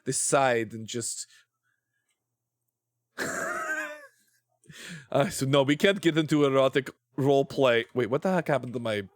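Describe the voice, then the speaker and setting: A man's voice: medium pitch, no echo. A man streaming a game, chatting casually in a playful, rambling way and swearing often. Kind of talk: casual gameplay chat.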